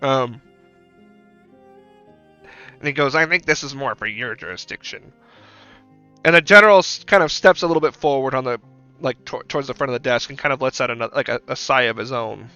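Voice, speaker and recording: A man game-mastering a tabletop game in a bright, crisp voice, rambling through his descriptions with many fillers. The recording is dull and lo-fi. Faint music plays behind him. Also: medium pitch, fairly quick, pauses often.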